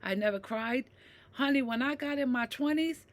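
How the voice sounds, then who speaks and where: A woman in her fifties speaking to her viewers about mental health, emphatic, checking in with "right?" again and again, dropping low and quiet, then rising loud and heated. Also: moderate pace. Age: 50s. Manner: emphatic, repeats "right?" often. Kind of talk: personal talk to camera.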